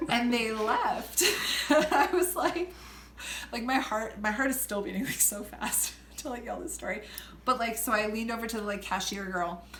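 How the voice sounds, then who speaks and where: Animated woman telling a profane comic story. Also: mid-range voice. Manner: animated, laughing, profane, acts out quoted people. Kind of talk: casual comedic storytelling. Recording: roomy room with faint background noise.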